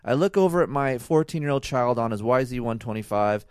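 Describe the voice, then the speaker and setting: A man in his thirties tells a story in casual, profane chat, animated and quick to act out shouts. His voice is smooth and clear, recorded close and dry with no room sound. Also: mid-range voice, no echo. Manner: animated storyteller, swears freely, mimics shouts. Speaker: co-host of a couple's talk show.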